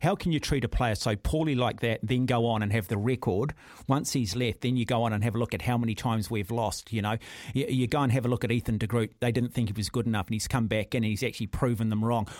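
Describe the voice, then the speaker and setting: A man's voice: mid-range voice, fairly even intonation, quick pace, a little mellow, no echo, clean studio sound. A man with a New Zealand accent hosting talkback radio, blunt and combative, often calling his caller mate. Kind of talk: opinionated talk radio. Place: radio studio.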